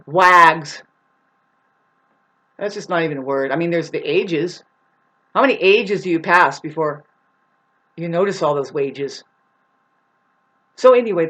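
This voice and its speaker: A woman talking straight to camera in a rambling, profane monologue, restless and jumping between thoughts with sudden loud outbursts. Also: low voice. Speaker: vlogger. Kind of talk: rambling stream-of-consciousness monologue.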